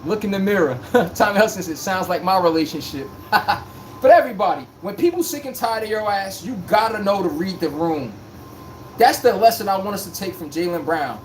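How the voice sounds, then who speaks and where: A man hosts a live sports stream podcast, chatting casually in a joking, rambling, slang-heavy way. His voice sits high, with a little hiss or hum in the background.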